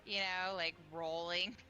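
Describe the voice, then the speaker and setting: A woman playing in a tabletop game, chatting casually and quickly with the group. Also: fairly low pitch, little pitch movement, pushed and bright, a little hiss or hum. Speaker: player.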